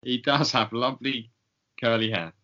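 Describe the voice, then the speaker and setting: Heard on a dull lo-fi recording, a male podcast co-host with a mid-range voice and sharp tone chats at a moderate pace. He rambles, stalls on frequent ums and chuckles along the way.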